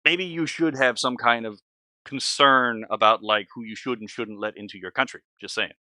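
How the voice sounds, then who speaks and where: A man's voice: medium pitch, fairly even intonation, moderate pace, bright, forceful tone. A man hosting a reaction video, talking casually in a rambling, blunt, opinionated way with many fillers.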